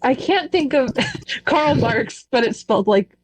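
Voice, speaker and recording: A woman playing in a voice-chat role-play game, talking hesitantly with many pauses and giggles. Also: high-pitched, lively intonation, rough recording. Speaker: player.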